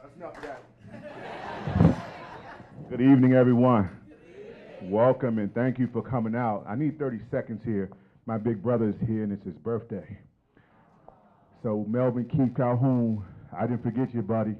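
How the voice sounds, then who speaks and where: A man's voice: medium pitch, steady tone, moderate pace, long pauses, phone-quality sound. A man in his fifties doing a stand-up comedy set on stage, chatty and teasing the crowd with questions. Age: 50s.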